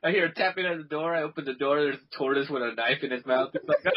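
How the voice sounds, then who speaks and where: A young man co-hosting a casual gaming podcast, playful and jokey, quick to laugh. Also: a little high. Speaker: podcast co-host. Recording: dull lo-fi recording.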